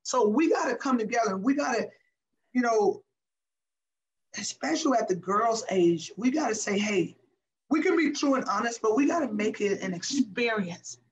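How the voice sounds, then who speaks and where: A woman's voice: on the high side, expressive, moderate pace, muffled recording. Passionate, emphatic woman on a video call. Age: middle-aged. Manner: passionate, emphatic, repeats herself. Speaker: interview guest, former basketball player. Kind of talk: casual interview talk.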